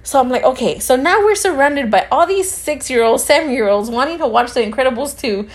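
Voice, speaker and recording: A woman's voice: high-pitched, lively intonation, brisk. A woman co-hosting a podcast, telling a story in casual chat, acting out both sides of the conversation, swearing freely and dropping in Spanish phrases. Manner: drops Spanish phrases into her talk. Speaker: podcast co-host.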